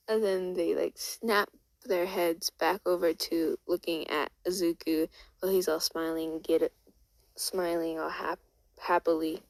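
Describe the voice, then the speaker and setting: A woman's voice: lowish voice, fairly even intonation, unhurried, dry recording, rough recording. A woman casually retelling a story in a rambling way, full of restarts and "and then she was like".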